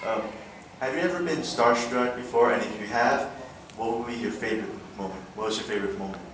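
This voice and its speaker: A man's voice: mid-range voice, a little fast, fairly bright tone. A man in the audience asking a question hesitantly and rephrasing it as he goes. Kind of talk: casual chat. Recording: echoey hall from far off, noisy.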